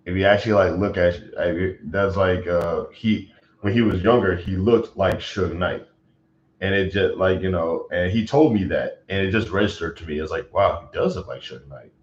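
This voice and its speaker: Low-voiced and moderately paced, a man talks agitatedly on a casual livestream, rambling and using many fillers. The recording sounds roomy, dull, and lo-fi.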